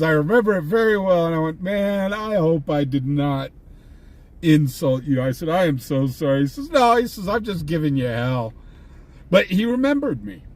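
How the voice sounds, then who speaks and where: A man hosting a live stream, casually telling anecdotes and laughing at his own stories while he sits in a vehicle. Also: fairly high pitch. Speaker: livestream host and scanner chaser. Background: faint vehicle and ambient noise.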